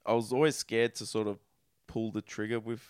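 Flat-voiced, low Australian man. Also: brisk, clean tone, no room sound, clean studio sound. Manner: candid, crude, self-deprecating. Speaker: podcast guest. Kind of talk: casual podcast storytelling.

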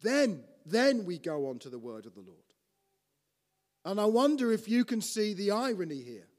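A man preaching a teaching sermon in an animated way, often restarting and putting questions to his listeners. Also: high-pitched, moderate pace, big-room sound.

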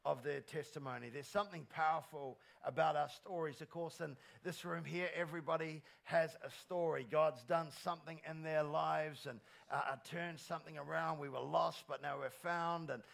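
A man's voice: a little high, steady tone, normal speed, gravelly, few pauses, a bit bright. A man hosting an interview on a church stage as pastor, rallying the congregation enthusiastically into a handheld mic. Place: church auditorium. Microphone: handheld microphone.

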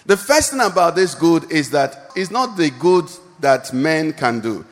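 A man's voice: a little high, sing-song, a little slow, in a large hall, faint music behind. A male pastor preaching a sermon and calling out questions for the congregation to answer. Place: church hall.

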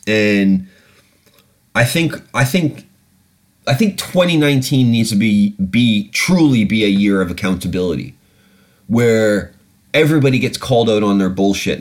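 A British man hosting a podcast, ranting bluntly and profanely about politics. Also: lowish voice. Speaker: podcast host. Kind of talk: casual ranting commentary.

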